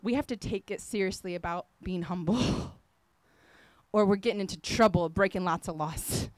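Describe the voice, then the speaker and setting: A woman's voice: mid-range voice, normal speed, no room sound. A woman apostle preaching a sermon, fervent and emphatic, repeating phrases as she exhorts her listeners.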